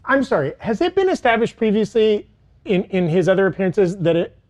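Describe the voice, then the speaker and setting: A man hosting a casual panel chat who talks in a lively way and reads out viewer comments and poll results. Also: high-pitched, brisk. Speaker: show host.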